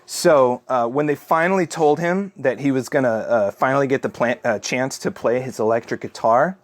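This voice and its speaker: A man's voice: medium pitch, moderate pace, dry recording. Chatty father telling a story. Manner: chatty, rambling, with fillers and restarts. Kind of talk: improvised bedtime-style storytelling.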